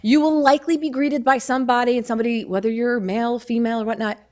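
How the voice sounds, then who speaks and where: A woman's voice: fairly high pitch, fairly even intonation, fast, darkish tone, lo-fi sound. Upbeat Baltimore woman presenting. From Baltimore, Maryland. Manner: upbeat, enthusiastic, conversational. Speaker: campus service office presenter. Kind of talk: presentation to admitted students. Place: lecture hall.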